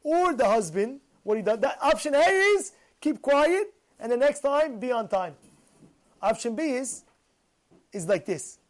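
Animated high-voiced man telling a sermon story. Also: moderate pace. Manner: animated, repeats phrases for emphasis. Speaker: Torah teacher.

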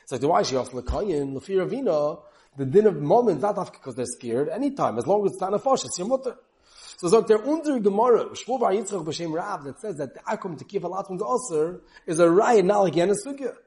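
Rapid-fire teacher, man. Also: sits high, sing-song, warm tone. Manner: rapid, mixing English with Hebrew and Yiddish terms. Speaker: Talmud teacher. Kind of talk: yeshiva-style Talmud class.

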